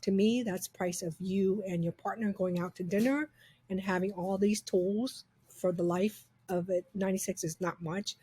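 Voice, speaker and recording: A woman reviewing software in an upbeat, chatty, enthusiastic way, walking through a screen demo. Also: medium pitch, fairly even intonation, normal speed, husky.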